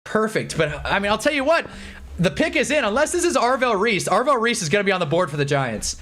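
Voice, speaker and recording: Stream host, excitable man with a high, very lively voice, rambling. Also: quick pace. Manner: excitable, rambling, laughs often. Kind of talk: live draft reaction stream.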